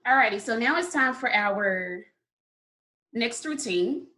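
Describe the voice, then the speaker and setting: A woman teaching a phonics lesson to young children, sounding words out slowly and praising often. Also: a little high, lively intonation, sharp tone. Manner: slow, drawn-out sounding out of words; encouraging, repeated praise. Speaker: kindergarten teacher.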